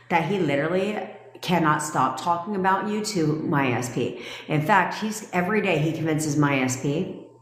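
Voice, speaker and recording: A woman's voice: low-pitched, reverberant, big-room sound. A woman coaching on manifestation in a casual live stream. She talks bluntly, swears freely, laughs often and answers viewers' comments. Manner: blunt, profane, quick to laugh. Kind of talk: casual livestream chat.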